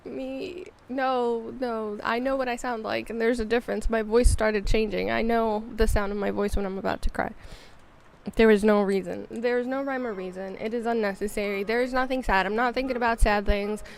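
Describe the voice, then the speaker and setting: A woman's voice: fairly high pitch, fairly even intonation, moderate pace, vocal fry. A woman in her thirties streaming a game, talking in a rambling, candid, self-mocking way. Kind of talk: casual chat while gaming.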